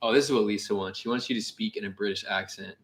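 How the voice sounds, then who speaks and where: A man's voice: on the low side, steady tone, fast talker, a little hiss or hum. A man co-hosting a casual livestream, laid-back and chiming in with short remarks. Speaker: livestream co-host.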